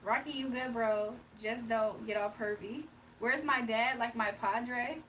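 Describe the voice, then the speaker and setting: A woman's voice: fairly high pitch, fairly even intonation, unhurried, fairly bright tone, distant mic, a little hiss or hum. A woman from Virginia hosting a casual livestream, chatting loosely and reading out viewer comments. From Virginia, USA. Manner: chatty, laughs often, reads chat aloud. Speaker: livestream host.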